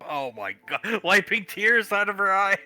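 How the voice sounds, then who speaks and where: A man narrates in a live tabletop game with a laughing, bantering ease. His voice is very bright and somewhat high, it moves around a lot, and soft music plays behind him. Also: animated, a little slow. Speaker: player. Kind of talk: narrating a tabletop role-play.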